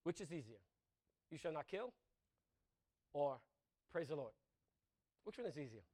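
A man's voice: a little high, very animated, a little slow, a little mellow. A man preaching a sermon in a conversational way, asking the congregation questions and laughing at his own jokes.

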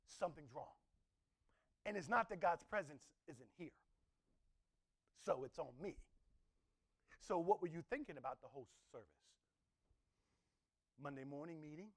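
A male pastor preaching a sermon, animated, swinging between loud exclamations and hushed asides. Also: on the high side, normal speed, long pauses.

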